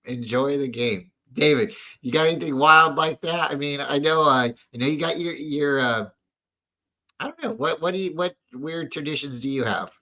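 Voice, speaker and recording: Bright-voiced man telling rambling stories. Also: on the high side, moderate pace, hardly any pauses, rough recording. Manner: rambling storyteller, many restarts. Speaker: podcast co-host. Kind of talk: casual fan chat.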